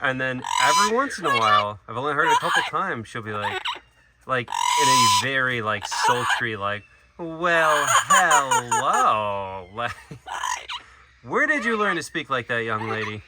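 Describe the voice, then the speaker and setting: A man's voice: mid-range voice, expressive, normal speed. Chatty man at an outdoor animal sanctuary. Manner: chatty, many "like" and "you know" fillers. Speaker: animal sanctuary keeper and vlog host. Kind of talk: casual vlog chat. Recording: outdoor noise in the background.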